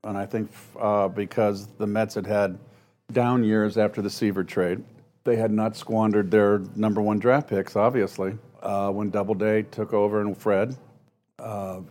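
A man in his sixties telling animated anecdotes as an interview guest, acting out quoted voices and laughing often. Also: lowish voice, unhurried, faint music behind. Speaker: guest, former ballplayer. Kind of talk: storytelling interview.

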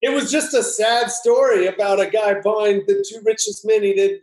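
Animated man telling a story, roomy sound. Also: high-pitched, normal speed, creaky, hardly any pauses, soft background music. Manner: animated, acts out voices in anecdotes. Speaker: screenwriter guest. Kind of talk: casual storytelling. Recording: roomy echo.

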